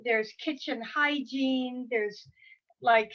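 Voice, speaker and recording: Brief: middle-aged woman author, relaxed anecdotes, slightly high voice, dull lo-fi call sound. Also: measured pace.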